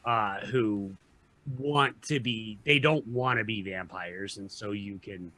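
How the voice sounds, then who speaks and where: A man co-hosting a podcast works through arguments about films in a casual discussion, swearing occasionally. His voice is fairly low and sharp in tone, and he speaks at a slow pace.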